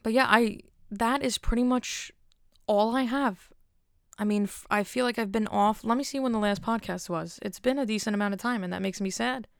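Young woman solo podcast host, rambling and self-deprecating, gravelly but smooth voice, dry close sound. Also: on the high side, normal speed, dry recording. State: cold, stuttering a little. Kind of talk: casual solo podcast chat.

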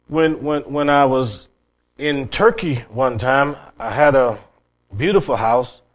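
A middle-aged man preaching a sermon, telling stories and often restarting his words. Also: mid-range voice. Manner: storytelling with many restarts and repeated words.

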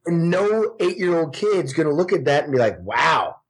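Husky, profane man in his forties. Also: a little high, moderate pace. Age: 40s. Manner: profane, animated storytelling. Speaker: guest actor. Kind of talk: casual podcast chat.

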